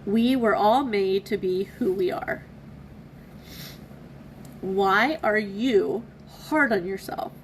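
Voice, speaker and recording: A woman giving a casual devotional reflection, speaking in an earnest, candid and halting way. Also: mid-range voice, a little hiss or hum, rough recording. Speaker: devotional vlogger.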